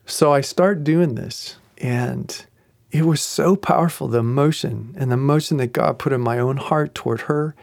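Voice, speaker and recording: A man's voice: medium pitch, normal speed, gravelly, darkish tone, dry recording, clean studio sound. A middle-aged man earnestly telling a personal faith story about leading a small group, acting out what others said. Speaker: ministry group facilitator.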